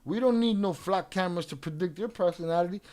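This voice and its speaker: Livestream host, male, high-pitched, profane and taunting, rants straight at his chat. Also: quick pace, darkish tone. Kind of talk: livestream rant addressing chat.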